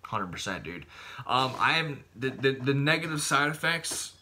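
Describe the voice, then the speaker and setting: A man's voice: medium pitch, expressive, moderate pace, sharp tone. A young man vlogging about fitness in a casual, profane, rambling way, saying "dude" constantly. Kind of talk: casual vlog talk.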